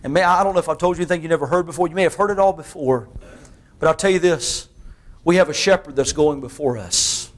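High-voiced preacher man, shouting at times. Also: fast. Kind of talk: sermon.

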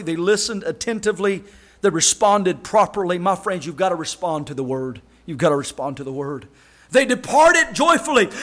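A man preaching a sermon as pastor, swinging between shouted singsong lines and quiet asides. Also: sits high.

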